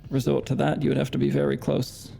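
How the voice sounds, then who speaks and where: An Australian man narrating as dungeon master of a tabletop game, relaxed and hesitant with frequent ums. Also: medium pitch, fast, creaky, soft background music.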